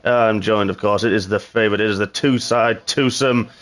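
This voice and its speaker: A man's voice: lowish voice, steady tone, moderate pace, a bit bright. A man doing live sim racing commentary as the host, upbeat and joking with his co-hosts. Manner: upbeat, jokey banter with co-hosts. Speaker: esports race commentator.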